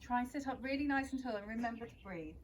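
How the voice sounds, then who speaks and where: Gentle woman leading kids' yoga. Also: a little high, quick pace, a little hiss or hum. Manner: gentle, encouraging, instructive. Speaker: kids yoga teacher. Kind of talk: guiding a children's yoga class.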